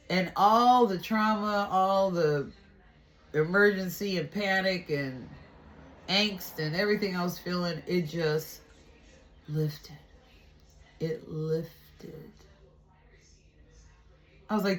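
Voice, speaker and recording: A woman's voice: medium pitch, slow pace, long pauses, fairly bright tone. A woman vlogger candidly recounting a personal experience in a reflective, storytelling way. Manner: candid, reflective, with frequent restarts.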